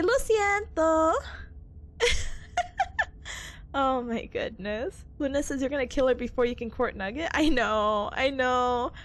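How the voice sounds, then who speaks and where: A woman's voice: high-pitched, a bit bright. A young woman streamer chatting casually with her viewers while sick, giggling often. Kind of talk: casual live-stream chat.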